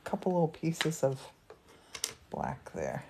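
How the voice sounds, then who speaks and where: Gushing American woman, mellow voice. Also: deep voice, wildly swooping pitch, takes it slowly, a little hiss or hum. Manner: gushing, laughs often. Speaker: co-host of a live glassmaking stream. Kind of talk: casual chat.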